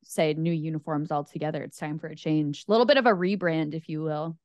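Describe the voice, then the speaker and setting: A woman's voice: low voice, fairly even intonation, brisk, darkish tone, no echo, studio quality. A young woman, co-hosting a hockey podcast and telling stories with enthusiasm. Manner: enthusiastic, storytelling. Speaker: podcast co-host. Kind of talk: casual hockey podcast chat.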